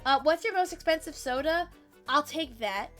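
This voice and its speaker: A woman's voice: high voice, animated, normal speed, fairly bright tone, faint music behind. A woman quoting a ranting man on a bad date. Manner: ranting, insistent.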